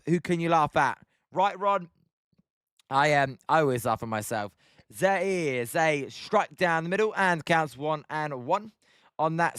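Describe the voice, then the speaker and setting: Chatty British man, high clear voice. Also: a bit bright, no room sound. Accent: British English. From Britain. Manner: chatty, self-mocking, reads chat aloud. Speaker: livestream host watching baseball. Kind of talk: casual live-stream chat and play-by-play.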